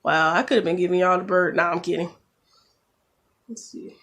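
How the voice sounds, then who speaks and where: A woman's voice: fairly low pitch, fairly even intonation, a bit bright. Chatty woman vlogger filming a nail tutorial. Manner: chatty, quick to get exasperated, jokey asides. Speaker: beauty vlogger. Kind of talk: casual tutorial chat. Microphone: camera phone.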